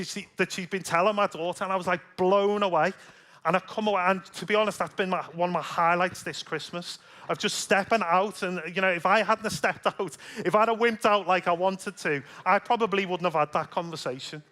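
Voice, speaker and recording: A man's voice: sits high, sharp tone. A man preaching a sermon as pastor, telling stories in a chatty way with self-deprecating humor, a little stuffy from a slight cold.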